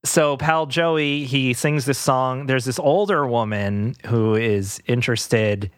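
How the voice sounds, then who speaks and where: A man hosts a casual music podcast, rambling, laughing often, restarting sentences, and slipping into goofy impressions. His mid-range voice is slow and clean, captured in a dry, clean studio recording.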